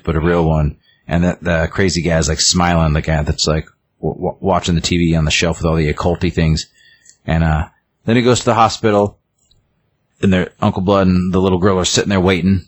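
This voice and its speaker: A man with a very low voice retells a film scene by scene in a loose, casual way. He rambles, restarting phrases and leaning on fillers as he goes. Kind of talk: casual chat.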